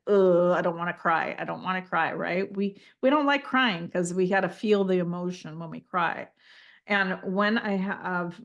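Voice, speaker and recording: A spiritual energy healer with a fairly low voice guides a healing session, gentle and reassuring. She calls the listener "honey" and often checks in with "okay?"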